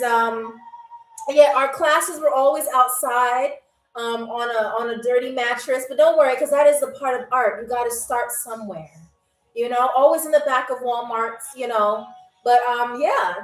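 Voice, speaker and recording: A woman hosting a live-streamed game show, joking and reading viewer comments, often tagging lines with "okay?" and "all right". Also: high voice. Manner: playful, jokey, reads viewer comments aloud. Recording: roomy echo, faint music.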